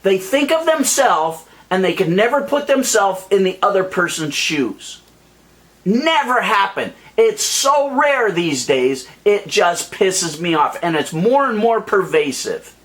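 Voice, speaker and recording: Exasperated male vlogger with a high voice, heated ranting monologue. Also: very animated, unhurried, a bit bright. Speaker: YouTube vlogger.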